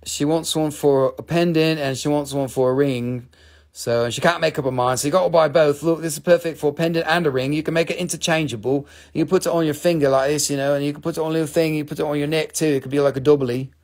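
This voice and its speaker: A man's voice: steady tone, fast, darkish tone. A middle-aged man hosting a live crystal sale, chatty and playful, showing stones and calling out prices. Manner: playful, chatty, jumps into squeaky high joke voices. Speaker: live-stream crystal seller. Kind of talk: casual live sales chat.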